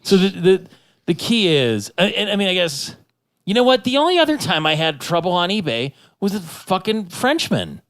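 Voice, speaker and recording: A man's voice: high-pitched, very animated, moderate pace, fairly bright tone, no echo, clean studio sound. Rambling, profane male storyteller. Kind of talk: casual podcast chat.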